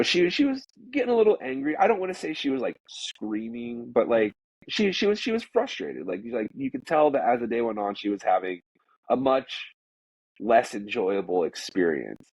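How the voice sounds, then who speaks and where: A man's voice: mid-range voice, husky, no echo, lo-fi sound. A man telling a work story in casual conversation, rambling with many "like"s and restarts.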